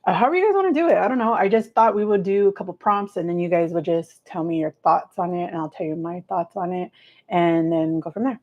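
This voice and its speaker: A woman's voice: fairly low pitch, fairly even intonation, a little fast. A woman in her forties from California, chatting casually with viewers on a livestream and laughing often. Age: 40s. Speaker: livestream host. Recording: slightly dull lo-fi sound.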